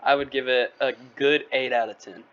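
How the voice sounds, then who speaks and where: A man's voice: medium pitch, steady tone, moderate pace, a bit bright. A man co-hosting a casual podcast, giggly and loose, hesitating with fillers. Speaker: podcast co-host. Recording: muffled lo-fi audio with faint hiss.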